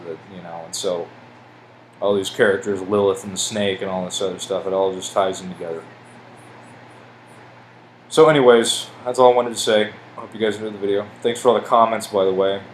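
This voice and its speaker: A man casually rambling over pictures as a video host, excitable and swearing, stumbling as he reads aloud. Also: low voice, a little hiss or hum, low-quality recording.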